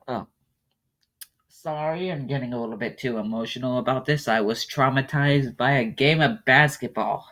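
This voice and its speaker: A man's voice: mid-range voice, normal speed, fairly bright tone. A man giving casual commentary on a web game, rambling and mocking himself, often breaking into laughter. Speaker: YouTuber playing a web game.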